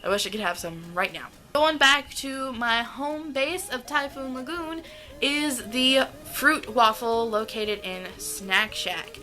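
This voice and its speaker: Young woman from the US, casual vlog, gushing and enthusiastic, bright voice, fairly high, faint music underneath. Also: rough recording. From United States. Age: young adult. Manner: gushing, enthusiastic, drawn-out words. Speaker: vlogger.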